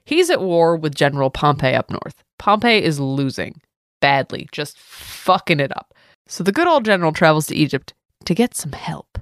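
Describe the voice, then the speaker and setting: A woman's voice: low voice, fairly bright tone, dry recording, studio quality. A young adult woman hosting a comedy history podcast, telling the story with irreverent jokes and swearing. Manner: irreverent, jokey, swearing asides. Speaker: podcast host.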